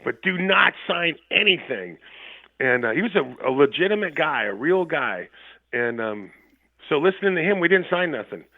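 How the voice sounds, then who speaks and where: A band member on a radio interview, calling in over a tinny phone line with no room sound, tells loose, profane stories and laughs along the way. His voice sits on the high side, sing-song and brisk, in a casual storytelling mood.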